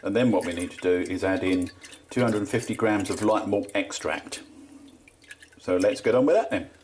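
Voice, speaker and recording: Bloke chatting thru a homebrew video, low voice, jokey and relaxed. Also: male voice, normal speed, slight background noise. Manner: chatty, jokey, addresses viewers as folks. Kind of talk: casual how-to narration. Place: home conservatory.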